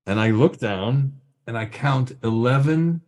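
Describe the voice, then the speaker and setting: A man's voice: medium pitch, lively intonation, unhurried, a little mellow. An older man, a guest drummer, telling anecdotes in casual talk and acting out voices and drum sounds. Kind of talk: casual storytelling.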